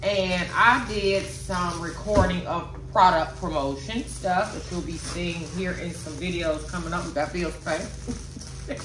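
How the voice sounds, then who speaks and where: A woman's voice: fairly low pitch, a little slow. A woman, chatting casually with her viewers as she unboxes gifts. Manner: chatty, addresses viewers as y'all and child. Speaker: vlogger. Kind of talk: casual chat while unboxing. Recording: echoey room, mic at a distance, background noise.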